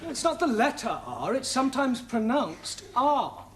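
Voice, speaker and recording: An actor playing a patient, wry male English teacher who explains things slowly. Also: very high voice, very animated, background noise, full character voice.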